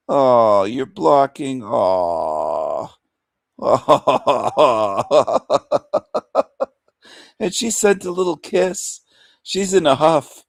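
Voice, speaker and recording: A man rants on his livestream with a gravelly, creaky voice at an unhurried, drawn-out pace. He taunts and insults, chuckling between his jabs, and the sound is close and dry. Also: medium pitch, very animated, no room sound. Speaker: livestream host. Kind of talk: livestream rant.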